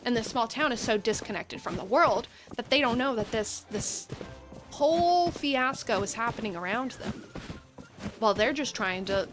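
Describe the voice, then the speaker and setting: A woman with a slightly high-pitched voice chats casually while streaming a game. She rambles from one enthusiastic tangent to the next, talking from her seat at a gaming setup. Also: fairly bright tone, slight background noise.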